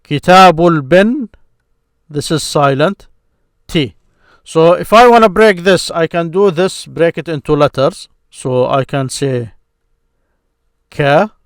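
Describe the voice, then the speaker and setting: A man gives a slow, patient Arabic grammar lesson and repeats each syllable aloud. His voice sits a little high. It is recorded dry on a close desk mic. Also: vocal fry, dry recording. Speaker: Arabic teacher. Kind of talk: screen-share grammar lesson.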